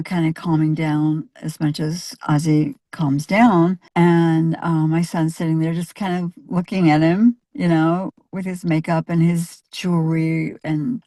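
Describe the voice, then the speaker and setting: Low-voiced woman telling a story. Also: a little mellow, dry recording. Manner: chatty, full of fillers and self-corrections. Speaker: photojournalist interviewee. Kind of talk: anecdotal storytelling.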